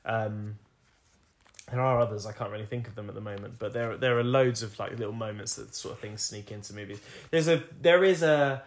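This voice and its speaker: A man's voice: on the low side, a little fast. A young man co-hosting a podcast, chatting casually, explaining at length and laughing often. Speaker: podcast co-host.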